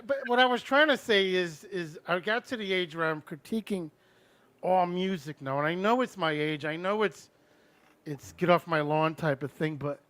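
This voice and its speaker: A man's voice: sits high, bright, forceful tone, no room sound. A man hosting a live-streamed radio show, talking casually and bluntly, swearing freely and giving strong opinions.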